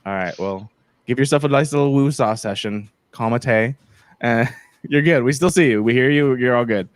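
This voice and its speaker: A man's voice: mid-range voice, moderate pace, smooth, no echo. Joking male podcast host, dry sound. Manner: joking, filler-heavy, teasing. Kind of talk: casual chat.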